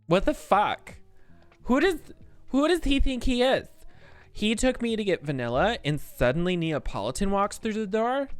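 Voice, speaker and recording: Brief: a whiny, dramatic friend with a raised, shrill voice, put on by a male streamer. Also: animated, normal speed, fairly bright tone, no room sound, faint music behind. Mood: outraged. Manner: shrill, overdramatic, indignant.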